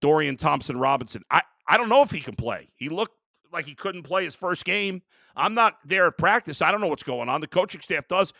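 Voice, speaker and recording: A man's voice: on the high side, animated, fairly quick, gravelly, bright, forceful tone, no echo, clean studio sound. A man hosting a sports show, ranting in a heated, exasperated way about his team. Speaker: sports talk host. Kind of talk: sports rant.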